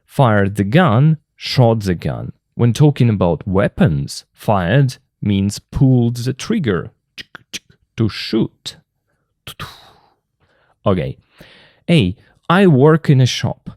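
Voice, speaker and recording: A man whose first language is Russian, explaining an English textbook lesson slowly and carefully as a teacher. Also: medium pitch, very animated, darkish tone, no echo, studio quality.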